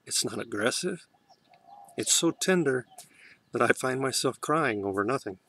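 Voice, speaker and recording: A man talking to his camera in a heartfelt spiritual monologue, soft and emotional, often halting and restarting. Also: medium pitch, lively intonation. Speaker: vlogger.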